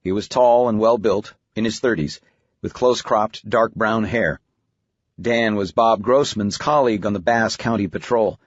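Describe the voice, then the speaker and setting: Male narrator, mid pitch, husky, dry booth, dull recording; measured reading. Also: no echo. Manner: even, measured storytelling. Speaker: audiobook narrator. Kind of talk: scripted narration. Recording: dull, muffled audiobook recording.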